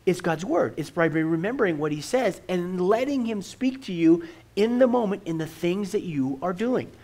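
A man's voice: high-pitched, expressive, normal speed, a little mellow. A middle-aged man, a pastor, preaching a sermon in an earnest way and often repeating words as he starts a sentence. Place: church.

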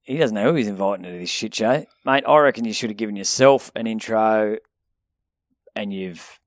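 A man's voice: fairly low pitch, no echo, studio quality. A man, a comedian co-host reacting with wry asides in casual podcast chat. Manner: quick backchannel, wry asides.

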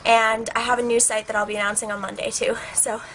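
A woman's voice: a little high, little pitch movement, fast, fairly bright tone, a little hiss or hum. A young woman vlogging in a playful, joking, goofy way. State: out of breath. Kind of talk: casual comedic vlog.

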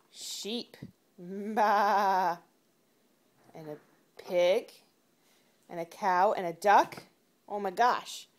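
A woman's voice: mid-range voice, takes it slowly, pauses often. A woman reading a picture book to her toddler at home, in a playful sing-song baby talk full of animal noises. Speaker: parent.

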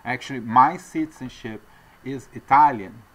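A man from Argentina, a traveling salesman, telling stories in a casual interview with halting, rambling speech full of restarts. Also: medium pitch, fairly bright tone. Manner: acts out quoted voices.

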